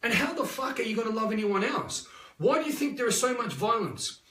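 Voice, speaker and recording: A man's voice: extremely high pitch, animated, brisk, bright, forceful tone, roomy sound, recorded from a distance. An Australian man giving a live motivational talk, blunt and full of swearing as he tells stories. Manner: blunt, swears freely, restless storytelling. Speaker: motivational speaker.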